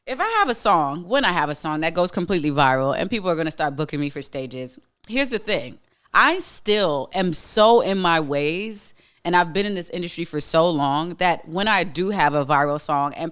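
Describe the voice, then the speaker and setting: Blunt, emphatic man with a smooth voice. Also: on the high side, fairly bright tone. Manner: frequent restarts and filler words. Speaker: podcast host. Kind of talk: casual monologue podcast.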